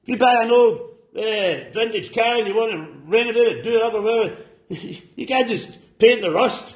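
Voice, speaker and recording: A man preaching a sermon to a congregation, fervent and exclaiming, dropping at times to soft, low asides. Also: normal speed, echoey room. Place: church service.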